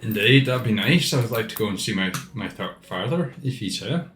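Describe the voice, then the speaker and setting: A man's voice: fairly low pitch, lively intonation, fairly quick, fairly bright tone, reverberant, soft background music. A man voicing a chatty young half-elf man, son of the pub owner, with an Irish accent and many restarts. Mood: wistful.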